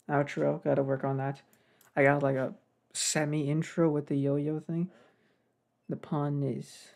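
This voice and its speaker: A man's voice: a little high, creaky, a little mellow. A young man casually narrating his game development work, rambling and getting sidetracked. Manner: rambling, self-deprecating, gets sidetracked. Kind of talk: casual devlog commentary.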